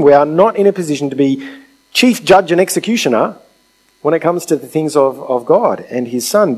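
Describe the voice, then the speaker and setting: A man's voice: on the high side, darkish tone, breathy edge, rough recording. A man preaching a sermon in a conversational way, asking rhetorical questions and acting out quotes.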